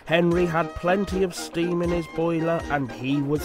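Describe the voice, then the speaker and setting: A man narrating a children's storybook in a slow, expressive, measured way. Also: fairly high pitch. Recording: music playing under the voice.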